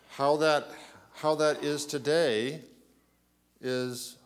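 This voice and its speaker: A man preaching a sermon, asking rhetorical questions and often clearing his throat. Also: a little high, steady tone, very slow, pauses often. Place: church.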